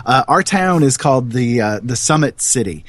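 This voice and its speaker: A man in casual chat, rambling through a long explanation with animated asides. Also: mid-range voice, normal speed, no echo.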